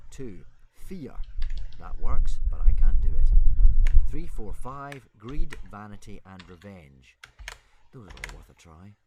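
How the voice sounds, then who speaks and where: Guy reading as a sarcastic fed-up kid, bouncy voice, loud typing in the back. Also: on the low side, big pitch swings, takes it slowly, very noisy. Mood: exasperated. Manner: dry and sarcastic. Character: exasperated young boy dragon trainer. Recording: loud keyboard typing behind.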